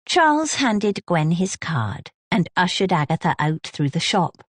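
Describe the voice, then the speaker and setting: A woman narrating an audiobook in a measured, descriptive manner on a close studio mic. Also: lowish voice, big pitch swings, slightly rough, no echo. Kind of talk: scripted narration.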